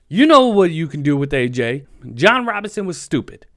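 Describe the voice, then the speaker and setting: A man hosting a fan sports podcast, talking in an excitable, emotional, pleading rant. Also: a little high, normal speed, no echo, clean studio sound. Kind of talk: solo fan podcast commentary.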